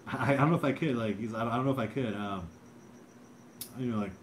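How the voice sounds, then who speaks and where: A man's voice: mid-range voice, quick pace, a little hiss or hum. A man in his thirties hosting a casual livestream, reading out chat and rambling with lots of fillers and repeated words.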